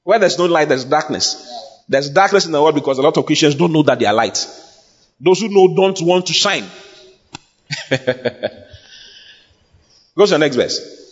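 Man preaching, husky voice, emphatic and repetitive, long hall reverb, dull lo-fi sound. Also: fairly high pitch, animated, normal speed, long pauses. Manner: emphatic and repetitive, building to shouts. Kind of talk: sermon.

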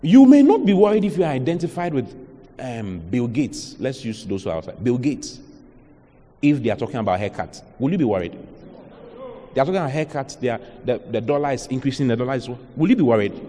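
A man's voice: mid-range voice, very animated, brisk, long pauses, dark tone, big-room sound. A man with a Ghanaian accent, preaching a sermon as a pastor, emphatic and full of rhetorical questions.

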